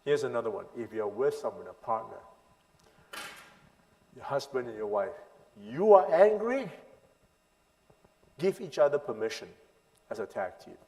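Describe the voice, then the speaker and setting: A man teaching a parenting seminar as a sermon, emphatic, asking the crowd rhetorical questions and swinging between loud and hushed lines. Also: lowish voice, lively intonation, normal speed, pauses often. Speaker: pastor leading a parenting seminar. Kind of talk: sermon-style teaching to a congregation. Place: church hall. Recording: long hall reverb.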